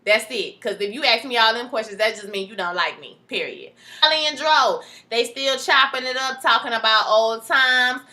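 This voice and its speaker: A woman recaps a TV episode in a loose, chatty way. Her voice sits a little high and sounds bright and forceful. She slips into the characters' lines with plenty of animation. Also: normal speed. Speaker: TV show recapper. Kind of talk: casual recap chat.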